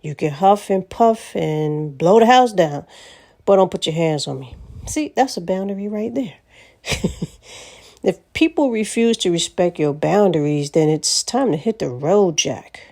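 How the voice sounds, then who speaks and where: A woman's voice: fairly low pitch, animated, a little slow, a little mellow. A woman vlogger telling stories in a casual monologue, blunt and profane, laughing often.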